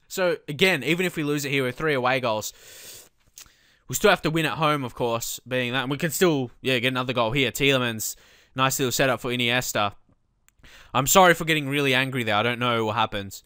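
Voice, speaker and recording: A man hosting a football game let's play, his voice bright and clear, slightly high for a man. He talks through tactics at an easy pace, then bursts out yelling at his defence when things go wrong. The sound is dry and close. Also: fairly quick, no echo. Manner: excitable, shouts at the game, then calm explaining. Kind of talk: video game commentary.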